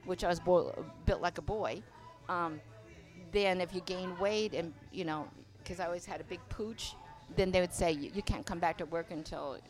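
An older woman, a veteran dancer, telling stories in a casual interview, animated and swearing freely, acting out other people's voices. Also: on the low side, moderate pace. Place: inside a bar venue. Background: faint music.

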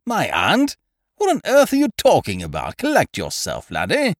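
A man's voice: on the high side, wildly swooping pitch, moderate pace, dry recording, clean studio sound, voice pushed up. A man voicing a boisterous, scheming young man, full of big plans, who talks in a hearty, breezy way. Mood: exuberant. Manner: hearty, breezy, calls people "old horse" and "laddie".

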